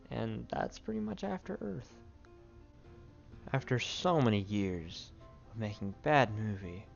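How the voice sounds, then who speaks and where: A low-voiced man talks through a run of movies in a loose, rambling way, tossing off opinions with amused laughs and restarts. The recording is dull and lo-fi, with faint music underneath. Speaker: movie reviewer. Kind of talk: casual spoken film commentary.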